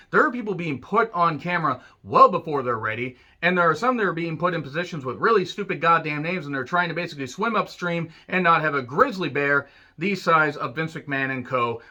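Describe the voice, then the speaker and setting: A man rambles through a casual solo review of a wrestling show, full of sarcastic asides and grumbling jokes. His voice is very bright and forward, sitting a little high for a man.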